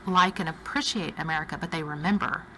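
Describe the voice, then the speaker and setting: A woman's voice: low voice, fast, sharp tone, slight background noise, rough recording. A woman with a Texas accent, a guest on a radio talk show, telling a travel story in a chatty way. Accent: Texan.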